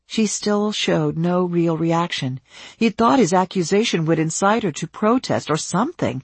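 An expressive narrator with a lively, rising and falling pitch that keeps the story moving. The voice has a soft, breathy grain, recorded close and dry with no room sound. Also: moderate pace, no echo. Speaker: audiobook narrator. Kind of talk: scripted narration.

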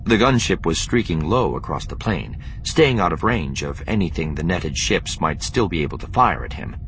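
A man narrating an audiobook with a measured, expressive reading. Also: low voice, a little hiss or hum. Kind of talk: scripted narration.

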